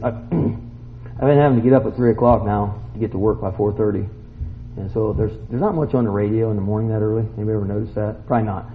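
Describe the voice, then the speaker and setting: A man preaching a sermon in a folksy, animated way, moving between loud exclamations and quiet asides, asking the crowd questions. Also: medium pitch, a little hiss or hum. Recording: dull lo-fi sound.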